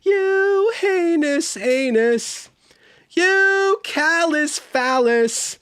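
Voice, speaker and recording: Shrill, indignant young college protesters belt out a sing-song musical parody, as a man puts on their cartoony voices. The notes are pitched well above his everyday voice and stretched out long. The sound is dry and close. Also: expressive, very slow, fairly bright tone, dry recording, full character voice.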